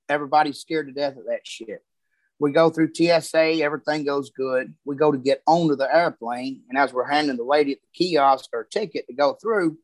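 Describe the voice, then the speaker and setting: A man's voice: a little high, no room sound. A man telling profane, rambling stories about travel and his wife in casual chat. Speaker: comedian guest.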